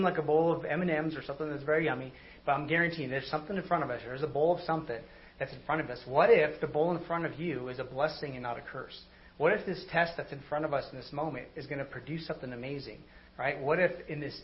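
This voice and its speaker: A man preaching in a casual, conversational way, telling stories and often checking in with "right?". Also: a little high. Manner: animated storytelling with frequent "right?". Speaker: pastor. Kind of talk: conversational sermon. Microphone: recorded online service audio. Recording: slightly dull audio, faint noise.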